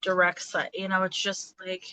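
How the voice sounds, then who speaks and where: A woman in her thirties giving a casual tarot reading, halting and hesitant, with many fillers and restarts. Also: on the low side, monotone, sharp tone, clean tone, no room sound, low-quality recording. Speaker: tarot reader.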